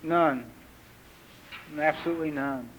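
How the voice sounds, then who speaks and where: High-voiced man telling a recovery story. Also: a little slow. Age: 50s. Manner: lively storyteller who acts out characters in raised voices. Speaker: recovery meeting speaker. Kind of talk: personal recovery talk with storytelling. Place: retreat meeting hall. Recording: dull lo-fi 1980s tape recording with faint hiss.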